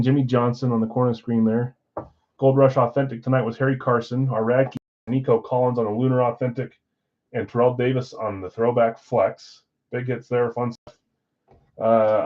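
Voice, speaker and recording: A man's voice: mid-range voice, a little mellow, lo-fi sound. A man hosting a live sports card break stream, chatting casually with viewers while he opens packs.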